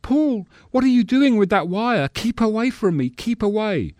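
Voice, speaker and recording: A man's voice: sits high, sing-song, normal speed, a little mellow, no room sound, voice pushed up. A man voicing a frightened young stage actress who pleads and screams in a melodrama scene, in a storybook reading. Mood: terrified.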